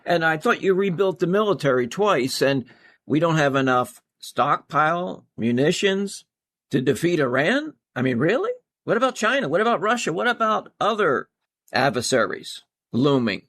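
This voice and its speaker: A man's voice: fairly high pitch, big pitch swings, moderate pace, a bit bright. A man putting on the voice of an irate male president, firing off exasperated, incredulous questions at his defense chief.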